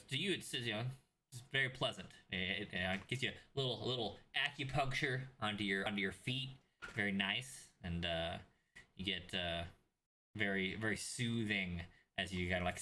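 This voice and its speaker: A man's voice: lowish voice, sharp tone, a little hiss or hum. A young man narrating as game master of a tabletop game, rambling with many fillers and restarts.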